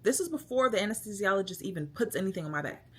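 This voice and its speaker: A woman's voice: mid-range voice, expressive, rapid-fire, husky. A young woman vlogging her birth story, retelling it emotionally with lots of quoted speech. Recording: light background noise.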